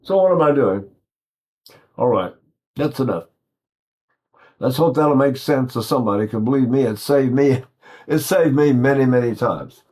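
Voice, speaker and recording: A mid-range, darkish-toned male voice speaks at normal speed and pauses often. He's an older East Texan teaching singing with sung examples, rambling in a folksy way with many restarts.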